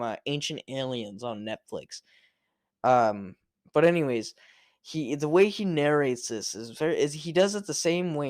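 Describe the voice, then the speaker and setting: A man's voice: medium pitch, darkish tone, dry recording, clean studio sound. A young man hosting a casual solo podcast, rambling and swearing, with many fillers and restarts. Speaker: podcast host.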